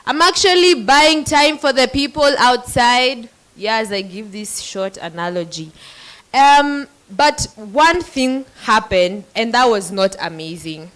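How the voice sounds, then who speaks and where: Slow, high-voiced teen girl moderator. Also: lively intonation, fairly bright tone, low-quality recording. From Kenya. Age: teenager. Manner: earnest, emotional, addressing the audience directly. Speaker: child representative and event moderator. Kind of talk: speech to a conference audience.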